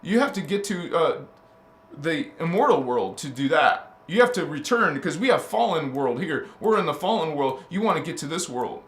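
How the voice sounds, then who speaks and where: Man in a spiritual-teacher preaching role: pitched a little high, fervent and needling, peppers his listeners with rhetorical questions and trips over his own restarts. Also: big pitch swings, moderate pace, fairly bright tone. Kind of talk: preaching monologue. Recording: roomy echo.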